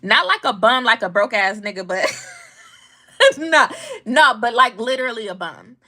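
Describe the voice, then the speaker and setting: A woman's voice: fairly high pitch, lively intonation, moderate pace, pushed and bright. A young adult woman vlogging, telling casual stories about the news in a blunt, slangy, profane way. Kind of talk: casual storytelling commentary.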